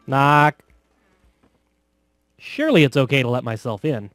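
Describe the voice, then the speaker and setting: A man casually commenting on a video game, joking sarcastically with bursts of loud laughter. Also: mid-range voice, normal speed, dry recording, studio quality, soft background music. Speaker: gameplay commentator. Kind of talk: casual let's play commentary.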